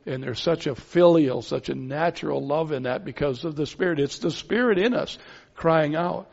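Male preacher, slightly high voice, earnest and pleading, muffled sound in a big echoing hall. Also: moderate pace, vocal fry, darkish tone. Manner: earnest, pleading, with rhetorical questions. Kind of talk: sermon. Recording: dull sound with long hall reverb.

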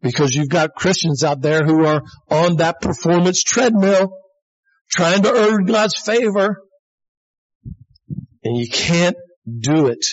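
A sixty-something pastor speaks slowly with frequent pauses, his voice fairly high. His sermon is earnest and conversational, plain-spoken, with the congregation addressed as folks. The recording sounds dull and lo-fi.

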